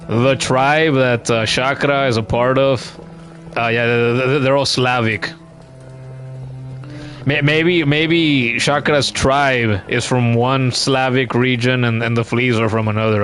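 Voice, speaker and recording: A man's voice: medium pitch, fairly even intonation, slow, a bit bright, soft background music. A man streaming a video game, chatting casually with frequent stammers and restarts. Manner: rambling, stammering restarts, swears. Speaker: gameplay streamer. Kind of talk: casual let's-play commentary.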